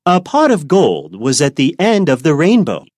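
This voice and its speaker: A woman reading an English learners' storybook aloud slowly and clearly, then answering its comprehension questions. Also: deep voice, huge pitch swings, a little mellow, no room sound, studio quality. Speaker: reader of a graded English reader.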